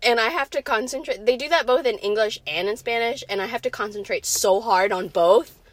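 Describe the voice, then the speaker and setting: A woman's voice: on the high side, a little fast, no room sound. A young woman with a General American accent, chatting casually with friends in a rambling, giggly way. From USA. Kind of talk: casual chat.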